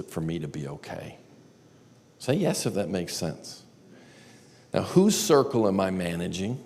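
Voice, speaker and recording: Man, gravelly, self-deprecating seminar storyteller, live hall reverb. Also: sits low, big pitch swings, measured pace, long pauses, darkish tone, slight background noise. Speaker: seminar speaker. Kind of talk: storytelling teaching talk. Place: large church auditorium.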